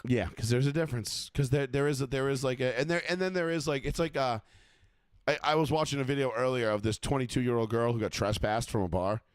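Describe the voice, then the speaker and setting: A man's voice: medium pitch, fast, smooth, no echo. Profane Boston-accented man, dry close sound. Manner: swears freely, animated, mocking. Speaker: podcast co-host. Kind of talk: casual profane chat.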